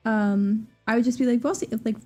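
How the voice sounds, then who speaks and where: A woman in her twenties with a Southern US accent, chatting casually on a livestream in a fast, rambling, animated way with lots of fillers and restarts. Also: medium pitch, faint music behind. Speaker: streamer.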